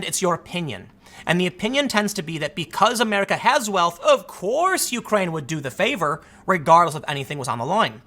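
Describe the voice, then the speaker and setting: A man's voice: sits high, bright, forceful tone. Tired, exasperated male political commentator. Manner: exasperated, rambling, frequent restarts.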